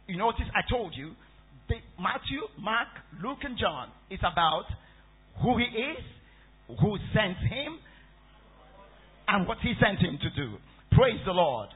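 A man with a high-pitched, breathy-edged voice preaches a Bible-study sermon, going back over his points and putting questions to the congregation. It sounds tinny, like a phone recording.

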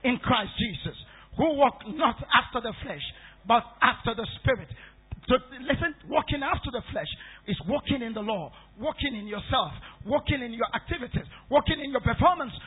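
A man preaching a sermon who calls out questions for the congregation to answer and builds to shouts. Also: extremely high pitch, expressive, moderate pace, breathy edge. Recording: tinny phone-like sound.

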